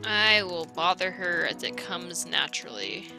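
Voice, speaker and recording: Woman streamer, casual let's-play commentary, gravelly fry, playful and wry, game music under her. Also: lowish voice, expressive, unhurried. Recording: game music loud behind voice.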